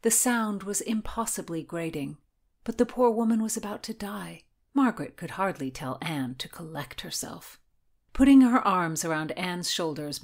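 A woman narrating a historical story in a measured, dramatic way. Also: lowish voice, expressive.

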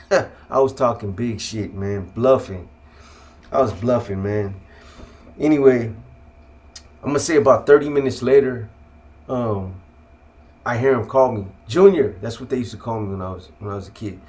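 Middle-aged man from California, ordinary male pitch, casual street talk, subdued and reflective, slips into quiet asides. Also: normal speed, long pauses. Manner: street slang, frequent "man" and "you know what I mean". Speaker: guest telling his life story. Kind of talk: casual storytelling.

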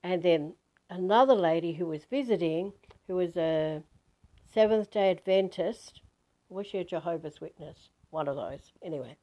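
An Australian woman over fifty from Western Australia, telling a personal spiritual story in an animated way. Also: lowish voice, moderate pace, lo-fi sound. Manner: animated, acts out quoted voices. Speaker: spiritual teacher.

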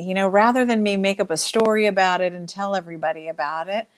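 A woman guest in a conversational interview talks about joy and emotions, speaking animatedly at a moderate pace in a medium-pitched voice. As she explains, she acts out inner voices.

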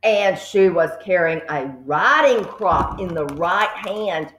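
A woman teacher reading a children's book aloud, adding lively asides to her listeners. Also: on the low side, slow pace, roomy sound, background noise.

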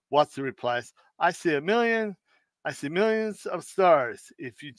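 This time his voice comes across a little high and a bit bright, with a clear, resonant tone in a dry recording. The man hosting the stream is casually telling corny jokes and riddles, frequently stumbling, restarting and laughing at what he just said.

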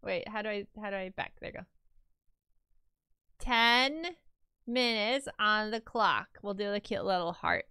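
A woman streaming casually as she draws, excitable and swearing while chatting with viewers. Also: medium pitch, a little slow, long pauses, clean tone, no room sound, studio quality. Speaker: live-streaming artist.

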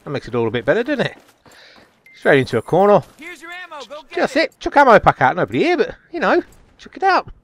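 Chatty man, lively pitch. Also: fast. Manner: jokey, chatty, self-mocking. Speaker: gameplay commentator. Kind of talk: casual gameplay commentary.

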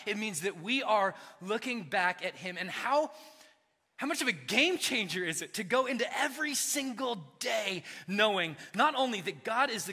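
A man preaching a sermon as pastor, earnest, swinging from emphatic lines to hushed, soft ones. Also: high voice, breathy edge. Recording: reverberant church hall.

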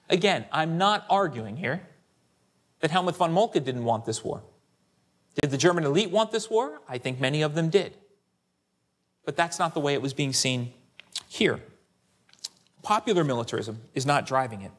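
Male historian, symposium lecture, slightly high, animated delivery. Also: normal speed, pauses often. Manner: conversational, rhetorical asides like "Right?"; animated, quotes sources in character. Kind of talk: academic lecture.

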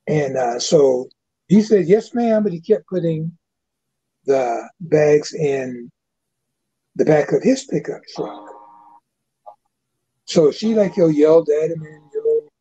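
An older man, a guest on a webcast, tells a personal story in a halting way with many "you know"s. The audio is dull and lo-fi. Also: on the high side, mellow, husky, no room sound. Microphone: webcast mic.

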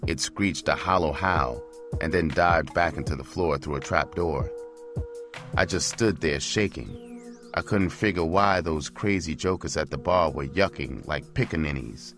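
Audiobook narrator, deep low man's voice, soft music underneath. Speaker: audiobook reader. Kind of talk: first-person narration of a memoir.

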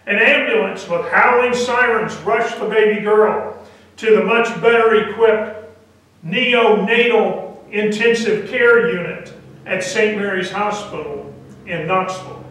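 A male pastor telling a story in a sermon, deliberate and halting now and then, recorded from a distance in a church. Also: high voice, fairly bright tone, very echoey. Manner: deliberate, with hesitant fillers. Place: church sanctuary.

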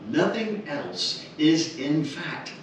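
A man preaching at a funeral in a slow, deliberate cadence, his lively, rising-and-falling voice leaning on repeated words before sinking into soft low tones. He sounds fairly high for a man. He is picked up from far off in a very echoey chapel with faint room noise. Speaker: minister. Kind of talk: funeral sermon. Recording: very echoey chapel, heard from afar.

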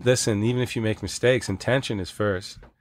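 A man from Canada, a podcast guest, telling stories in casual chat, swearing and animated. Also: fairly low pitch, fairly quick, a little hiss or hum. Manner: profane, animated storyteller.

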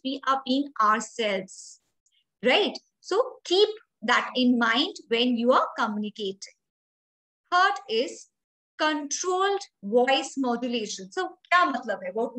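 A woman's voice: on the high side, a bit bright, low-quality recording. A young adult woman with an Indian English accent, giving an emphatic, explanatory grooming training lecture and speaking straight to her listeners.

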